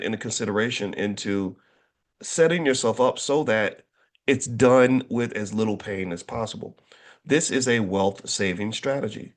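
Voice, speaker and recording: A middle-aged man talking casually to an audience, an animated storyteller who jokes and restarts his sentences often. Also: medium pitch. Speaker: finance educator and speaker.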